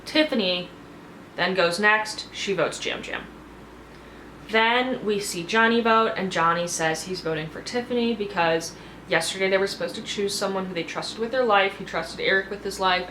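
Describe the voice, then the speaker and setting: A woman talking in a casual, expressive recap-vlog style, with lots of "like" fillers. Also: medium pitch, a little hiss or hum. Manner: chatty and expressive, with many fillers like "like". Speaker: TV reality show reviewer. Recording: roomy echo.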